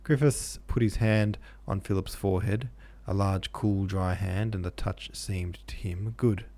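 A man narrating a classic novel in a steady, measured reading. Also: sits low. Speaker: podcast host and audiobook narrator.

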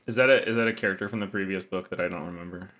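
Bright-voiced man, joking podcast guest. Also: sits low, rapid-fire. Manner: dry, joking, laughs easily. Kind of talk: casual book-discussion chat.

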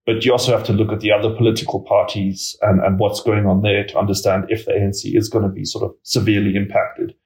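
A man giving measured expert commentary as an interview guest, hedging his points with many filler words. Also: fairly low pitch, level tone, a little mellow, roomy sound, poor audio. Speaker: political risk analyst guest.

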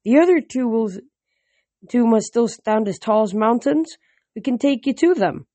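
A man's voice: very high-pitched, animated, normal speed, warm tone, dry recording, pitched above the performer's own voice. A man reading a storybook aloud and voicing an earnest, big-hearted young male cyclops who pleads. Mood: pleading.

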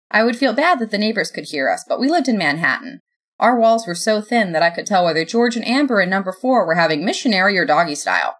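A woman's voice: mid-range voice, sing-song, fast talker. Sardonic young woman telling a story. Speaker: narrator. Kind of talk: first-person story reading.

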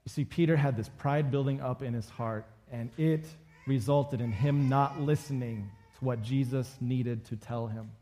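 A man's voice: medium pitch, normal speed, warm tone. Conversational male pastor preaching. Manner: conversational, acts out quoted lines. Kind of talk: sermon.

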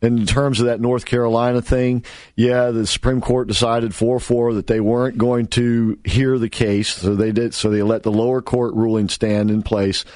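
A man's voice: medium pitch, little pitch movement, normal speed, a little mellow, no echo, studio quality. Man hosting a call-in radio show. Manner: assertive commentary, takes calls. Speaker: radio host. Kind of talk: talk radio conversation.

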